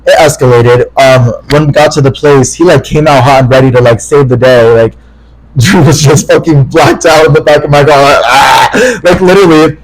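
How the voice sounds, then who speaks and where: A man's voice: a little high, fairly even intonation, a little fast, low-quality recording. A young man co-hosting a podcast, telling a story in casual chat and acting out the quotes with lots of swearing. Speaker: podcast co-host.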